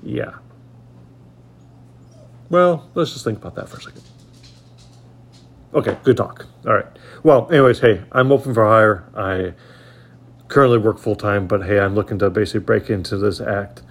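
A man's voice: on the low side, normal speed, pauses often. A man in his forties chatting casually to promote himself as a voice actor, rambling with lots of filler words. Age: 40s. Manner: rambling, heavy on fillers like "you know". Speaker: aspiring voice actor. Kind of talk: casual self-promo chat.

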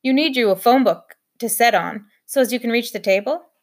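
A woman's voice: fairly high pitch, expressive, a little fast. A woman doing a drawling old grandpa. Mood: teasing. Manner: drawling, homespun. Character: folksy teasing old grandfather, gentle underneath.

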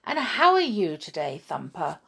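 A prim mother rabbit from a storybook, as a woman narrator puts her on, fussing over manners in a slow, husky voice. Her tone rises and falls as she corrects her son. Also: fairly low pitch, huge pitch swings, sharp tone, full character voice. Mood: motherly.

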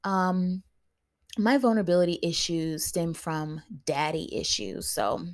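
A woman's voice: on the low side, a little slow. A woman hosting her own podcast in casual solo talk, candid and playful, speaking straight to her listeners. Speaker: podcast host.

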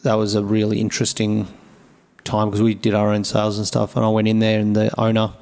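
Lively Australian man telling stories. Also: fairly low pitch, brisk, creaky. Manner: lively storyteller who acts out quoted dialogue and swears freely. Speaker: podcast guest, craft brewery founder. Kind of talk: casual storytelling chat.

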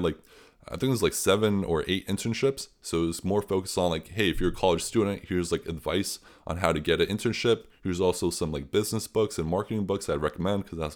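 Young guy w a low voice, rambling casual story, lots of fillers, pretty earnest. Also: fast talker, darkish tone. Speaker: podcast guest.

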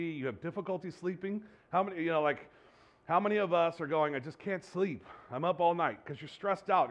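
A male pastor preaching a conversational sermon, asking his congregation rhetorical questions and often stumbling, restarting and joking about his own slips. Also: on the high side.

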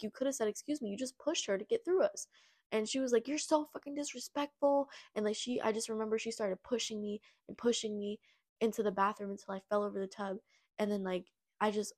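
A young woman talks casually into her own podcast, with a voice of ordinary middle pitch. She tells her story bluntly and swears freely. Her talk rambles and is full of "like" and restarts. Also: a little mellow. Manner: rambling, heavy use of "like" and restarts. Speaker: podcast host. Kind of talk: casual personal storytelling monologue.

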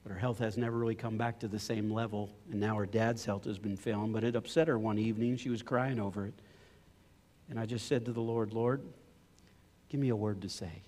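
A middle-aged man preaching a sermon as a pastor, swinging from loud impassioned pleading to low, quiet storytelling. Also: little pitch movement, fast talker. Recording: long hall reverb.

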